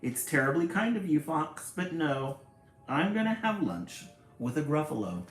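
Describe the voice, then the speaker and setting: A man reading aloud the part of a bold little storybook mouse, brisk and lively. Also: on the high side, roomy sound, soft background music, voice pushed up.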